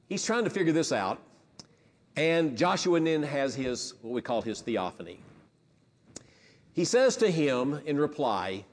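A man's voice: on the high side, very animated, measured pace, pauses often, big-room sound. A pastor preaching a sermon in a conversational way, often restarting his phrases.

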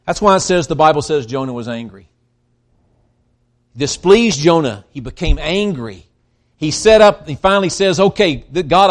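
A man preaching a sermon, emphatic and swinging between loud stresses and quiet drops, with frequent restarts. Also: on the high side. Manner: emphatic, rising and dropping in volume, with restarts.

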